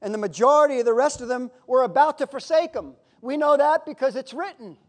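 A pastor preaching a sermon in a conversational, emotional way, with sudden loud outbursts. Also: male voice, very high voice, a little fast.

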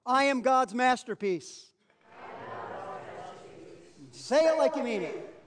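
A man's voice: extremely high pitch, big pitch swings, slow pace, pauses often. A man preaching a sermon as pastor, folksy and emphatic, leading his congregation to repeat declarations after him. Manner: leads congregation in call-and-response declarations.

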